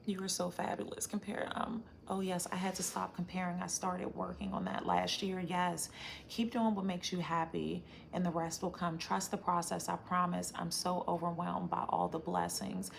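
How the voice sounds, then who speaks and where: A woman hosting a casual livestream, reading viewer comments aloud and reflecting in a chatty, thinking-out-loud way. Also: fairly low pitch, fairly even intonation, moderate pace, vocal fry, a little hiss or hum. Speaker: livestream host.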